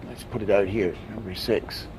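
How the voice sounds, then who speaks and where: A man's voice: fairly low pitch, fairly even intonation, normal speed, vocal fry, darkish tone, slight background noise. A man explaining animation timing and doing little sound effects as he demonstrates. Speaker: animation teacher. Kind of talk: instructional demonstration.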